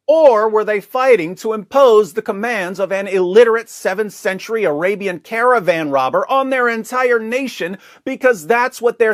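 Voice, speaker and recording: A man giving scripted, mocking commentary in an emphatic delivery that at times rises to near shouting. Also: high voice, dry recording, studio quality.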